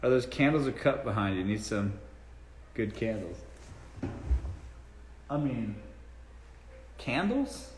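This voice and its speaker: A man's voice: mid-range voice, lively intonation, takes it slowly, pauses often. Blunt Southern man in an echoey room. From South Carolina. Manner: blunt, profane, joking. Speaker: live-stream host answering dating questions. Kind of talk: casual live-stream Q&A. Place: room in his home.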